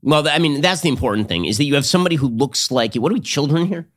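A man hosting a political commentary show, arguing in a rapid, sardonic way. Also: a little high, animated, a bit bright. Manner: rapid, sardonic, argumentative delivery. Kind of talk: fast political commentary and read ad.

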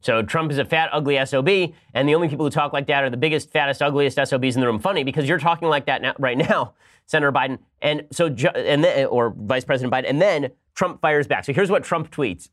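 A man hosting a political podcast, reading an ad and giving sarcastic, animated commentary. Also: mid-range voice, fast. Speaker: podcast host. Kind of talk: fast political commentary with ad read.

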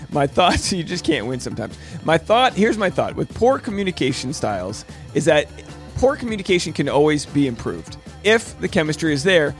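A man hosting a podcast, recapping a reality show in a casual, joking way, with playful asides and mock voices. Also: on the high side. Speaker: podcast host.

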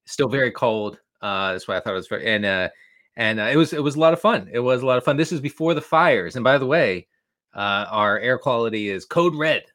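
A man talks fantasy football with excited energy, stumbling over his words and restarting often while he jokes along. His voice has a bright edge. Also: medium pitch, fairly quick. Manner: stammering restarts, excitable, joking. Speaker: podcast guest, fantasy football analyst. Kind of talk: casual chat.

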